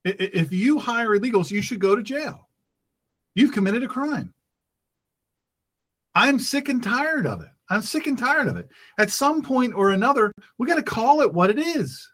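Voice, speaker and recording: A man's voice: extremely high pitch, big pitch swings, moderate pace, fairly bright tone. A man hosting a talk radio show, speaking as a pastor in a fervent, emphatic monologue that repeats phrases for effect.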